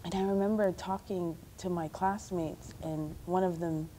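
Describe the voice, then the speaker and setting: Reflective woman with a mellow British accent. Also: on the low side, normal speed, slight background noise. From Somalia. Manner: reflective storytelling, animated when quoting others. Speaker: panel speaker. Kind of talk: community panel discussion.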